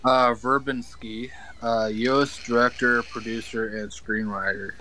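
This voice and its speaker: A man's voice: mid-range voice, flat delivery, bright, forceful tone, a little hiss or hum, rough recording. A man in a casual chat, stumbling over hard names as he reads and making offhand jokes. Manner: slow, stumbles over names, laid-back. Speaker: podcast co-host.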